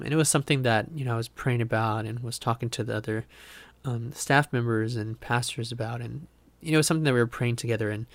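A young male pastor talks through scripture on his podcast in a loose, heartfelt way, trailing off and circling back to his point. His voice sits in a middle pitch, recorded close and dry with no room sound. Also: no room sound. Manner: earnest, rambling, self-interrupting with laughs. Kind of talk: casual devotional talk.

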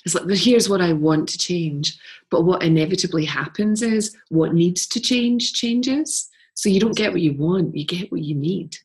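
A woman's voice: lowish voice, moderate pace. A middle-aged Scottish woman, a podcast guest, talking reflectively and chatting easily in a casual conversation. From Scotland.

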